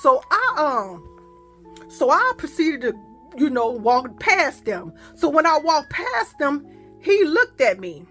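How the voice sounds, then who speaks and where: Animated high-voiced woman telling a story. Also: takes it slowly, faint music behind. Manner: animated, slangy, profane. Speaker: vlogger. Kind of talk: casual storytime.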